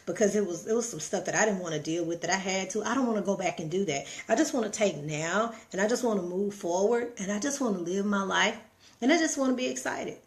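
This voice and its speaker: A woman's voice: medium pitch, fast. A middle-aged woman with a Texan accent talks to her live viewers in a preachy, motivational way. She circles back to the same points and keeps asking rhetorical questions. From Texas. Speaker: vlogger. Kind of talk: motivational live-stream monologue.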